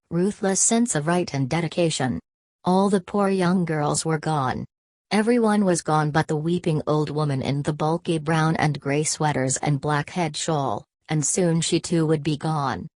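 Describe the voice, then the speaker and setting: A woman reading a novel aloud in a steady, even narration. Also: sits low, no echo. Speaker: audiobook narrator. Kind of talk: scripted narration.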